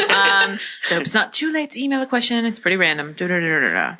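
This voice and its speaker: A woman co-hosts a chatty podcast, reading out listener questions. She teases and giggles throughout. Her voice is bright and moves through a lively pitch range. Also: fairly quick. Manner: playful, giggly teasing. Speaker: podcast co-host.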